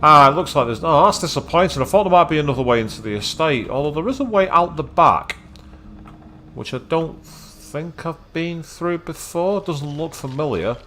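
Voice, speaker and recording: A man's voice: fairly high pitch, expressive, normal speed, pushed and bright, soft background music. A man from Manchester, casually commenting while streaming a game, with chatty, wry asides. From Manchester, England. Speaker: let's play streamer.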